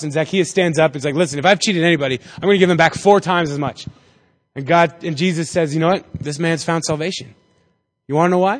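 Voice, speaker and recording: A man giving a casual, joking Bible lesson to a group, acting out the people in the story as he goes. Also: fairly high pitch. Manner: chatty and jokey, acting out voices in the story. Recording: reverberant hall.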